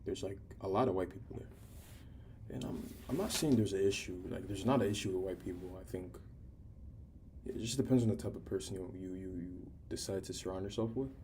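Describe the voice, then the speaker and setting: A man's voice: sits low, a little fast, darkish tone, slight background noise. A teenage guy in casual chat, talking candidly and rambling with frequent restarts. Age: teens.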